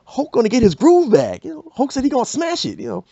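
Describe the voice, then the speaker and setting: A man voicing a young street instigator who hypes up drama with excited slang. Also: very high-pitched, fast, gravelly, breathy edge, no room sound, highs cut off, pitched above the performer's own voice, full character voice. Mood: hyping. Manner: excited slangy hype talk.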